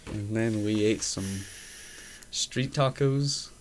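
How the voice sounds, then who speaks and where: A man's voice: on the low side, slow pace. Young man, profane rambling podcast chat. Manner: loose, profane storytelling with many fillers. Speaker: podcast host. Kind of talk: casual chat. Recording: faint background noise.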